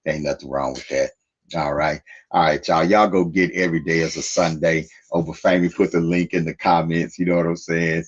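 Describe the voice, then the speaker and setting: A man in his fifties co-hosting a livestreamed talk show. He chats casually, laughs often and gives listeners shout-outs. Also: sits low, normal speed. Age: 50s. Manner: animated, laughing, gives shout-outs, often asks "you know what I'm saying". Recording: dull lo-fi livestream audio.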